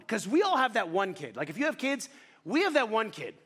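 Middle-aged man preaching, high-pitched, quick and animated, self-deprecating storyteller. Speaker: pastor. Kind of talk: sermon.

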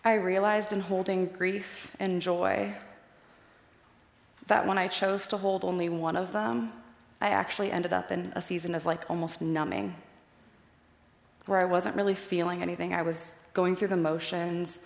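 A woman's voice: fairly low pitch, moderate pace, gravelly. Chatty young woman in echoey hall. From Iowa. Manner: chatty, animated storyteller. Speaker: speaker giving a faith talk. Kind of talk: personal storytelling talk with slides. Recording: echoey hall with long reverb.

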